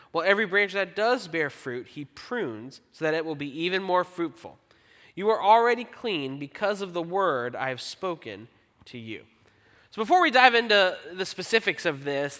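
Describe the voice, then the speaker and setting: A man preaching a sermon as pastor, conversational and self-deprecating, reading scripture slowly. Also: sits high, pushed and bright. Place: church auditorium. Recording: long church hall reverb.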